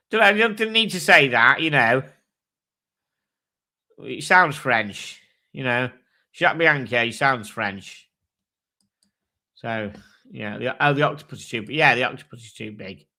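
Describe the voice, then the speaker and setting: A man hosting a casual live chat with a bright, forceful voice. He thinks aloud, swears freely and reads specs and prices in an easy, offhand way. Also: mid-range voice, vocal fry. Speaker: host.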